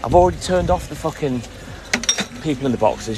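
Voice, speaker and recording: A man's voice: a little high, lively intonation, a little fast. Grumbling, sweary man. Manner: grumbling, sweary, chatting to viewers and his dog. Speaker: livestreaming milkman. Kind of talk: casual live-stream chat.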